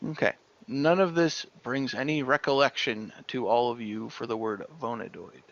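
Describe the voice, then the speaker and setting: A man narrating as dungeon master of a tabletop game, unhurried and sometimes searching for words. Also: mid-range voice, fairly even intonation, lo-fi sound.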